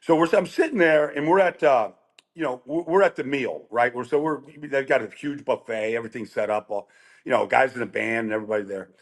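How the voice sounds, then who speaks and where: A middle-aged man telling animated, rambling stories as a guest on a chat show. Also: medium pitch, a little fast. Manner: animated, rambling with restarts and quoted voices. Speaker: guest storyteller. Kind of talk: casual storytelling chat.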